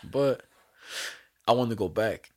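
A young man in casual chat, telling a story in an animated, profane way and acting out what people said. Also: mid-range voice, a little slow, dry recording, clean studio sound. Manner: animated, profane storytelling full of acted quotes.

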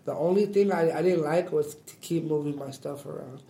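A young man answers interview questions in a deep, raspy voice with a gravelly edge and a mellow, dark tone. He talks haltingly and repeats his words. The room around him sounds roomy and echoey. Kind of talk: casual interview talk. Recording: roomy echo.

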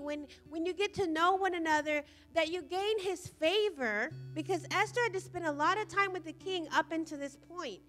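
Very high, bright-voiced woman preaching. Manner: earnest, explaining scripture. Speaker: senior church leader. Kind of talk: sermon.

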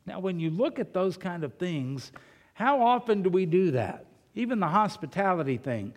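A male pastor with a high, very animated voice preaches a sermon in church at normal speed, speaking conversationally, posing rhetorical questions, and telling funny anecdotes. The long reverb of a large hall surrounds him.

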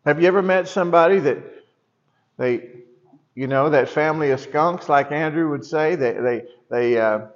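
A man's voice: fairly high pitch, moderate pace, dull audio. A middle-aged man preaching in church, telling a long personal story with many restarts and asides. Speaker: pastor. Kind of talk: sermon.

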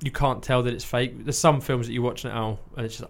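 A man of middle pitch hosting a film podcast. He talks casually and with enthusiasm, drifting through asides with plenty of fillers and the occasional swear word. His delivery stays loose and conversational. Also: steady tone, a little fast, creaky. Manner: chatty and enthusiastic, sprinkled with fillers and mild swearing. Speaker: podcast host reviewing a film. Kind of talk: casual chat.

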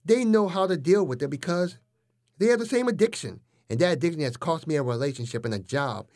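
A nervous young cannibal girlfriend, put on by a man reading a comic story. The voice sits high and swings around, fluttery yet oddly matter-of-fact. Her delivery stays chatty and cheerful rather than menacing. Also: expressive, fairly quick, darkish tone, lightly acted. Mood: self-coaching.

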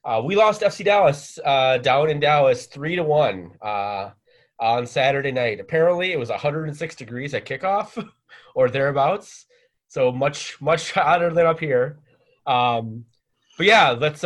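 A man's voice: fairly high pitch, expressive, normal speed. Chatty man hosting a podcast. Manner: rambling, with many fillers. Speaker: podcast host. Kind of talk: casual chat.

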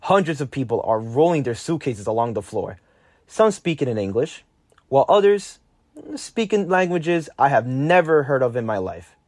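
A teenage boy reading a personal story aloud, lively and lifting his voice for his own quoted lines. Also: normal speed, no echo, studio quality. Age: teens. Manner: lively, jumps higher when quoting his younger self. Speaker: narrator.

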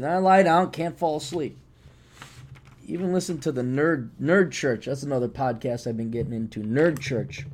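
A man hosting a podcast alone, rambling in a sarcastic, casual monologue with sudden loud bursts, tired and just waking up. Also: a little high. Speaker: podcast host.

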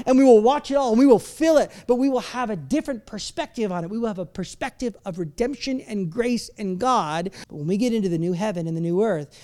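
A pastor preaching a sermon in a church, swinging between quiet reflection and loud, emphatic bursts, often restarting words and adding playful asides. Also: mid-range voice. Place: church service.

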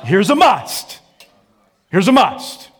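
Man, high voice, pastor, sermon, call-and-response, hushed then shouting. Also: sing-song, takes it slowly, slightly rough. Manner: sings and hums snatches of a song.

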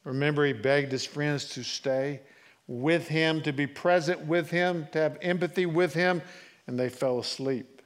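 A man with a fairly high pitch preaches unhurriedly and in a steady tone. Chatting with the congregation through questions, the pastor swings between loud passages and hushed ones.

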